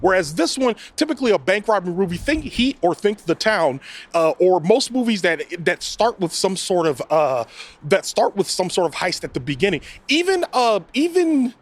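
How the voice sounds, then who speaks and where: A man giving a casual spoken movie review, animated and rambling, often breaking into mock quotes. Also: high-pitched, normal speed. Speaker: film reviewer.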